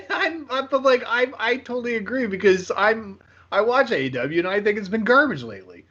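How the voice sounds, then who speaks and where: A man's voice: high-pitched, big pitch swings, moderate pace, bright, forceful tone, highs cut off. A man co-hosting a sports podcast who laughs often and stammers in casual chat. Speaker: podcast co-host.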